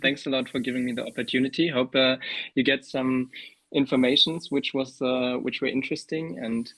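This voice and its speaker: A man being interviewed as a guest developer, talking in a relaxed, hesitant way with plenty of fillers. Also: medium pitch, fairly quick, low-quality recording. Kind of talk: casual interview over a call.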